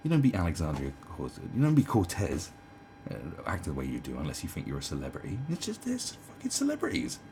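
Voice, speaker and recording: A rumbling low, gravelly, warm voice swoops wildly in pitch and moves quickly as a man in his twenties or thirties goes after politicians. Hosting a commentary channel from home, he's casual, sarcastic, and profane, mixing in mocking impressions, with a bit of background noise.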